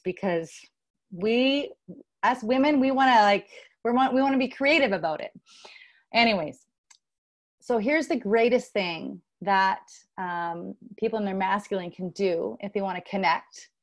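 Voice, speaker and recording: A middle-aged woman relationship coach giving an earnest, animated motivational talk, acting out what other people say. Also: mid-range voice. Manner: earnest and animated, acts out quoted voices.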